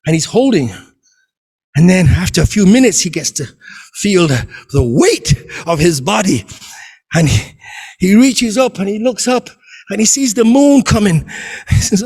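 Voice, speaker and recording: A man telling a folk tale aloud, dramatic and repetitive, in an unhurried way. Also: high voice, big pitch swings, darkish tone, breathy edge. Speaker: storyteller. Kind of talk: oral folk storytelling.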